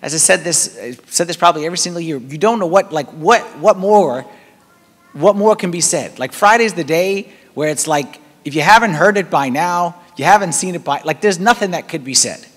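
Brief: male priest, thirties, high voice, chatty animated sermon, long church reverb. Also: fairly quick. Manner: conversational, animated preaching with rising emphasis. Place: large church hall.

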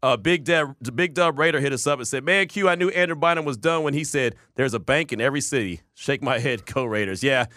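Male radio host, bright and animated, lively pitch, dry close mic. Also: fairly quick, hardly any pauses, dry recording. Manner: animated storyteller, shouts quoted voices. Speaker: radio sports show host. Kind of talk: casual sports talk radio chat.

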